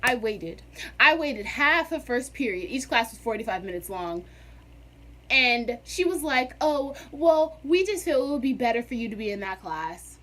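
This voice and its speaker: A young woman vlogger telling a storytime in a sassy, animated, dramatic way. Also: fairly high pitch, normal speed. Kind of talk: casual storytime.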